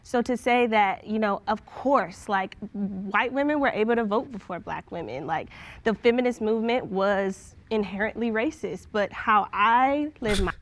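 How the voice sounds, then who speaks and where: Measured woman making her case in a debate. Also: mid-range voice. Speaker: debate participant. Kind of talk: debate discussion.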